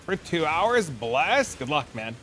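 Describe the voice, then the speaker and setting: A man's voice: on the high side, big pitch swings, slow, bright, forceful tone, slight background noise. A young man streaming a game, chatting loosely with viewers in slangy, casual talk. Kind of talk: casual live-stream chat.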